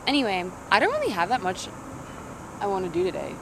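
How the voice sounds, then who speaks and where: A woman's voice: mid-range voice, wildly swooping pitch, fast, noisy background. A young adult woman chatting casually to camera in a vlog, rambling and slangy, often cutting herself off. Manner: rambling, slangy, self-interrupting. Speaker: vlogger. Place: outdoors in a city in the morning.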